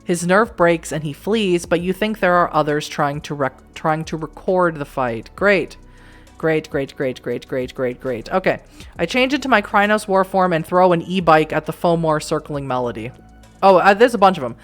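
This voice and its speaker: Low-voiced woman playing a game. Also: expressive, normal speed, faint music behind. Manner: casual, wry asides between narration. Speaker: let's play streamer. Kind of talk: reading game text aloud and reacting.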